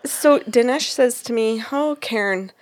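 Woman, psychic medium, casual storytelling, animated, laughs a lot, dry close sound. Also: a little high, a little slow, no room sound. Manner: animated, laughs often, quotes others in dialogue. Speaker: psychic medium, podcast co-host.

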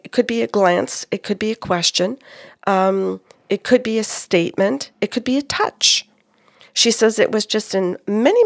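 A woman's voice: mid-range voice, creaky, no room sound, clean studio sound. A middle-aged woman co-hosting a talk show, animatedly telling the story of a reading and quoting the people in it. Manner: animated, quotes spirits and clients, laughs often. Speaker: psychic medium, co-host.

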